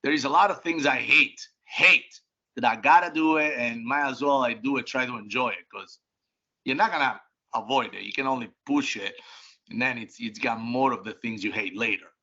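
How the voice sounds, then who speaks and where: A middle-aged man speaks bluntly and emphatically, often restarting his sentences and dropping casual swear words. His voice is bright and pushes forward. The recording sounds dull and lo-fi. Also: medium pitch, normal speed. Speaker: restaurant group CEO, interview guest. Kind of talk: casual interview answers. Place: home office.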